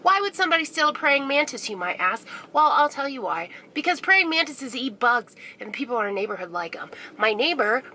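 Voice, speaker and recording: Brief: young woman vlogger, high voice, chatty and profane, filmed in a noisy car. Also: bright, forceful tone. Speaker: beauty vlogger. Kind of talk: casual vlog while driving.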